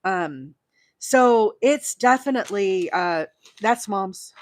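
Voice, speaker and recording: A woman's voice: mid-range voice, measured pace, no room sound, studio quality. A woman hosting a live crochet stream, chatting with many fillers and counting stitches aloud as she works. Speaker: crochet host.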